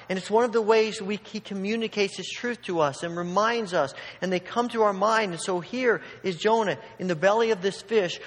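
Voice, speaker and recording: A man preaching a sermon, telling a story with animated asides and acting out the quoted voices. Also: sits high. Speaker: pastor. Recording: long hall reverb.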